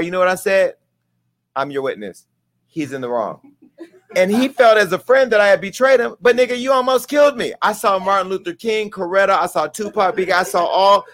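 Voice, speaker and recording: Guy hosting a gossip show, brash and blunt, bit higher voice, aave, cracking jokes. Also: fairly bright tone. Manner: brash, candid, comedic storytelling. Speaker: talk show host. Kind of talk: gossip commentary.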